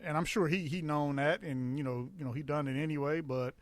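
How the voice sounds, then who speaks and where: A man's voice: on the high side, fairly even intonation, fairly quick, no echo. A middle-aged man co-hosting a podcast, telling loose, crude stories in casual chat and laughing often. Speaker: podcast co-host.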